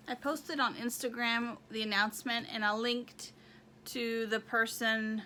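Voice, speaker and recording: A chatty woman hosts a knitting show, rambling as she shows her projects and counts squares aloud. Her voice sits a little high, with a bright, forward tone. She takes her time, unhurried, over a faint background hum. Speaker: knitting podcast host. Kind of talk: casual show-and-tell chat.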